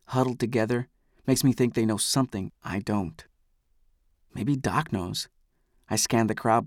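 A man's voice: mid-range voice, a little mellow, no echo. Man narrating an audiobook, dry sound. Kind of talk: first-person scripted narration.

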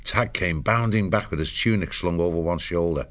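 A man narrating an audiobook chapter in a measured storytelling delivery. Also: deep voice, a bit bright.

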